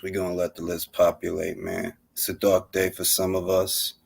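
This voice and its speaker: A man's voice: low voice, normal speed, gravelly. A man hosting a late-night boxing talk show, rambling casually with lots of slang and swearing. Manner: animated, rambling and profane, full of fillers and slang. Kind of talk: casual unscripted commentary.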